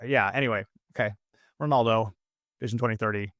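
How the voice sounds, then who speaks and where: A man's voice: fairly low pitch, fairly quick. An American man co-hosting a podcast, chatting casually and rambling with lots of fillers and restarts. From United States. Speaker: podcast co-host. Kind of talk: casual chat.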